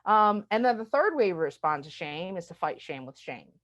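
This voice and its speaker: A woman speaking in a lively, conversational lecture style, slightly low-pitched for a woman. She keeps tossing in "like" and "right?" and slips into little acted-out voices for quoted reactions. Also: normal speed, muffled recording. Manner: animated, acts out quoted reactions; frequent "like" and "right?" asides. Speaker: speaker on microaggressions.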